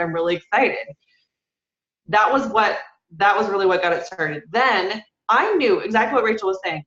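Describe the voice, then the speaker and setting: A woman's voice: medium pitch, a bit bright. A woman on a panel telling her side of a story in a casual, candid way. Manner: casual, candid, with many fillers. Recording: echoey, dull room recording.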